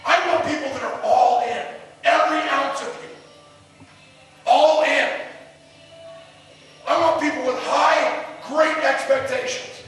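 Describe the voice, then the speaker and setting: A middle-aged man, a high school football coach, giving his team an intense motivational speech full of repeated challenging questions. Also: fairly even intonation, slow pace, long pauses, fairly bright tone, soft background music. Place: large echoey room with the team. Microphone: far camera. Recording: echoey hall recorded from far off.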